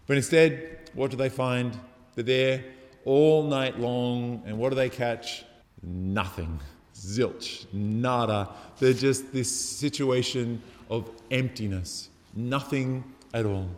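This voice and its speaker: A man preaching a homily in a church, his voice carrying a long reverberant tail from the hall around him. He talks reflectively and conversationally, posing questions to the congregation and pausing to think aloud. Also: mid-range voice, fairly even intonation, a little mellow. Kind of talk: sermon.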